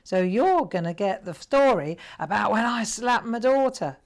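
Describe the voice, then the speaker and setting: A middle-aged woman hosts a live crafting show from her home, painting as she chats and spins a rambling story. Her voice sits at a medium pitch, expressive and at a normal speed, and she laughs often in this chatty demonstration.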